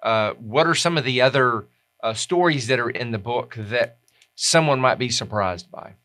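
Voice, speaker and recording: Bright-voiced male podcast host. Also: medium pitch, moderate pace. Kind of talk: interview questions.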